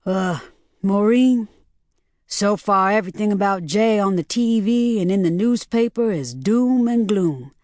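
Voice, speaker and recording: A woman's voice: medium pitch, a little slow, darkish tone, no echo, clean studio sound, pitched above the performer's own voice, close to an everyday voice. A woman narrator voicing a protective man who stands up for his sister, speaking emphatically. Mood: earnest.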